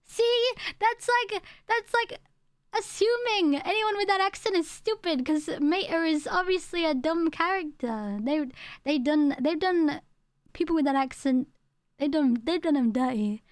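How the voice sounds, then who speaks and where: A woman's voice: very high voice, measured pace, no room sound, clean studio sound. A young woman, chatting casually with her stream chat, rambling and laughing as she goes. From England.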